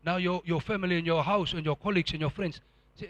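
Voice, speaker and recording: Male pastor, animated sermon, high voice, bright tone, dry sound. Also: fast, no echo. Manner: animated preaching, rhetorical questions to the congregation.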